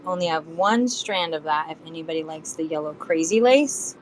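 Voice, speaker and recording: This live shopping seller has a deep voice with lively intonation and a brisk pace. Chatting as she sells bead strands on stream, she counts beads aloud and hums to herself, and the low-quality recording has slight background noise.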